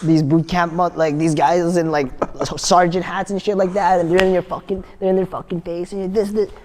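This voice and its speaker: A man hosting a podcast, chatting casually and reacting with quick, profane questions. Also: high-pitched, flat delivery, a little mellow, a little hiss or hum. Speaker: podcast host. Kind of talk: casual chat.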